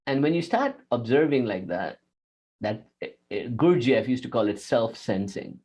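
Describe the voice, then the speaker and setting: A man answering questions in a spiritual interview on a video call, animated and laughing often, acting out inner voices. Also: medium pitch, normal speed, breathy edge. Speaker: guest teacher.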